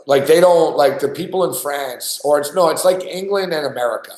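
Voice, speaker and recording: A man's voice: on the high side, brisk, darkish tone. Profane, rambling man in echoey studio. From Quebec. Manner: loose and profane, lots of "like" and "you know what I mean". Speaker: sports betting show regular. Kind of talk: casual chat.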